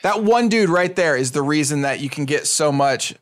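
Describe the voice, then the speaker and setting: Casual podcast co-host, American man, high and lively voice, profane, loose storyteller. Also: normal speed. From United States. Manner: animated, profane, laughing storyteller. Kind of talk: casual chat.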